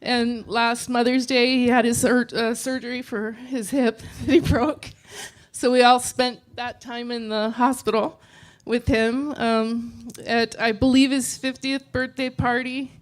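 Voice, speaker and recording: A woman giving a eulogy for her father, speaking softly and hesitantly, close to tears. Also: fairly high pitch, flat delivery, a little slow. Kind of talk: memorial speech.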